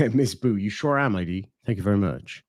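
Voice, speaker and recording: In clean studio sound with no room noise, a low-ish Irish male voice runs a casual livestream at a moderate pace. He reads donations aloud, speaks bluntly with plenty of swearing, and swings animatedly in loudness.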